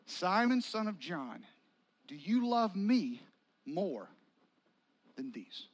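A gentle grown teacher reassures in a calm, plain-spoken way, as a male preacher puts him on. He is warm but direct. His voice runs high for a man. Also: takes it slowly, heavily acted. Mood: probing.

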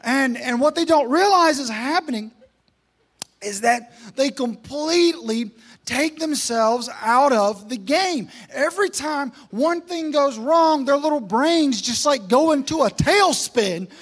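A man's voice: very high-pitched, unhurried. A man preaching a sermon, telling a story with energy, humor and repeated emphasis. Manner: energetic, joking, repetitive emphasis.

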